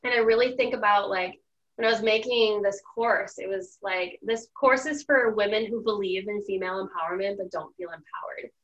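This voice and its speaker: A woman's voice: mid-range voice, moderate pace, a bit bright, muffled recording. A young woman hosting a podcast, speaking as a mindset coach in casual chat. She talks in a chatty, emotional way, her sentences full of "like" and restarts. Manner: chatty, heavy use of "like", emotional.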